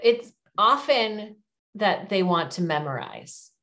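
A woman's voice: mid-range voice, expressive, takes it slowly, sharp tone. A middle-aged woman giving public speaking advice as an interview guest, in an encouraging, emphatic coaching tone.

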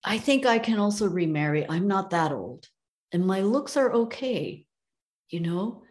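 A woman's voice: medium pitch, sing-song, unhurried, darkish tone. A woman doing a sweetly evasive wife. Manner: hesitant, coaxing.

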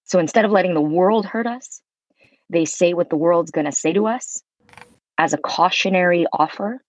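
A woman's voice: fairly low pitch, normal speed, no echo, poor audio. A woman voice coach speaking earnestly and reflectively in an interview, with a spiritual bent. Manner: earnest, spiritual, expressive, laughs fully. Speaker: voice coach, guest.

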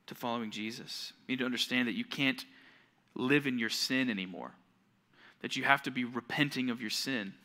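A young man, a youth pastor, giving a sermon to junior high students and telling a story with acted-out quotes. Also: a little fast, bright, forceful tone. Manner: storytelling, acts out quoted voices.

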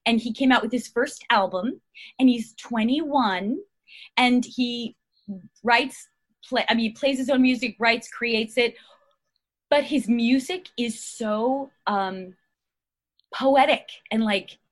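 Guest actress, woman in her 50s, slightly high, rambling and giggly. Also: slow, long pauses. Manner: rambling, chatty, laughs often. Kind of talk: casual chat.

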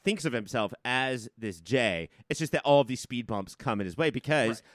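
A man's voice: mid-range voice, expressive, moderate pace, fairly bright tone, no echo, clean studio sound. A man co-hosting a casual movie podcast who talks animatedly and acts out scenes in silly voices. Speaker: podcast co-host.

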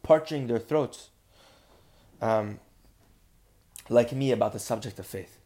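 A man's voice: medium pitch, slow, warm tone. A man teaching a podcast Torah lesson, earnest and building to emphatic insistence.

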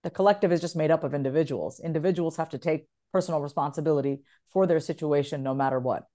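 Animated, low-pitched woman voiceover artist. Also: fast. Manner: animated, acts out example phrasings. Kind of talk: expressive interview talk.

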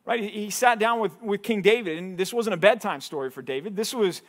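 A male pastor with a higher-than-usual voice leads a Bible study in a relaxed, conversational way. He keeps asking his listeners questions and acts out the lines he quotes. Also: fairly quick. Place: church hall.

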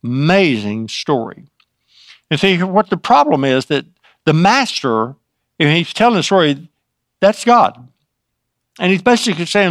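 A man's voice: fairly high pitch, sing-song, a little slow, pauses often, no room sound, studio quality. A man preaching a sermon, reading scripture aloud and then explaining it in a conversational way with frequent restarts. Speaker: pastor.

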